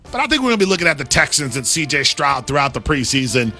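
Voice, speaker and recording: Animated man selling football games. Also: a little high, quick pace, faint music behind. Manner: animated salesman delivery, laughs often. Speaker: sports analyst. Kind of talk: hyped-up game preview pitch.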